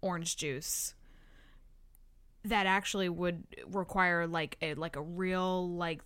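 A woman's voice: lowish voice, fairly even intonation, slow pace, a bit bright, smooth. A woman co-hosting a casual chat, talking loosely with fillers and easy laughter.

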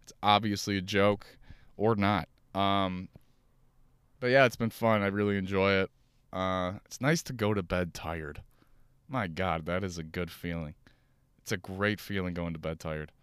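A young man hosting his own podcast, rambling through profane, animated stories while sitting in his car. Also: sits low, measured pace, clear, resonant tone, no room sound. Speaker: podcast host and stand-up comic. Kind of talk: casual solo podcast monologue. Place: inside a car.

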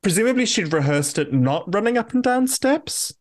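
Man, podcast co-host, campy storytelling, animated delivery. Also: high voice, normal speed. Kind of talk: casual chat.

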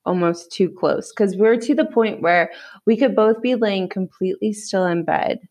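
A woman in her thirties co-hosts a podcast in a casual, chatty way. Her voice sits at a middle pitch, and she laughs easily between thoughts. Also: moderate pace, a little mellow. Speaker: podcast co-host. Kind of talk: casual chat.

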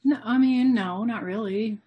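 A woman's voice: on the high side, a little slow, breathy edge, muffled recording. A young woman with an upstate New York accent, chatting as a podcast guest in an easygoing way and laughing easily. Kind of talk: casual interview chat.

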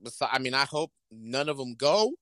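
A podcast co-host chats casually about football in profane, animated banter, acting out imagined conversations in different voices. His voice is medium-pitched at a moderate pace, with no room sound.

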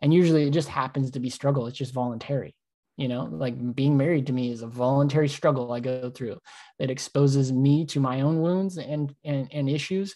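A man co-hosting a casual podcast, telling animated stories, acting out his own thoughts and swearing often. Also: mid-range voice. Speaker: podcast co-host.

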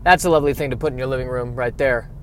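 A man's voice: mid-range voice, racing, slight background noise. A man hosting a solo podcast from his car, rambling in a wry, self-deprecating way. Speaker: podcast host. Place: in a car by a street.

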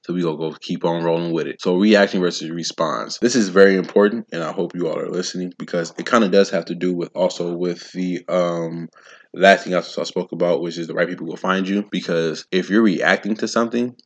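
A man with a very low voice talks to his listeners in a solo motivational podcast. His delivery is casual, slangy and preachy, and he drives each point home with emphatic "boom, boom" sound effects. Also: steady tone, brisk, breathy edge. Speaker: podcast host.

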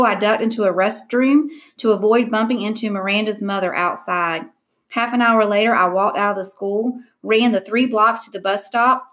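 A woman reads a first-person audiobook narration with expressive, lively delivery. Her voice sits at a mid pitch.

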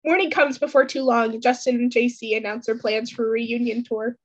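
A woman's voice: fairly high pitch, steady tone, a little fast, dull audio. A woman host giving a dramatic, theatrical reading of fan fiction. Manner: theatrical storytelling.

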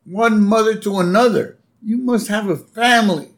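A man's voice: high voice, moderate pace, voice pushed up. A man voicing an earnest, middle-aged cartoon mother who begs for her children. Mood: pleading. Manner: begging, earnest.

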